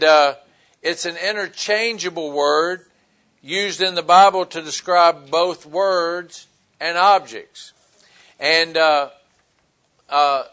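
A man preaching a sermon in a conversational way, pausing on fillers and retelling scripture as dialogue. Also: on the high side, fairly bright tone. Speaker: pastor.

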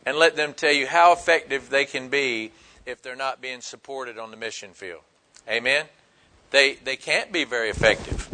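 A man's voice: medium pitch, pushed and bright. A man preaching a sermon in a folksy, emphatic way, full of rhetorical questions. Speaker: pastor.

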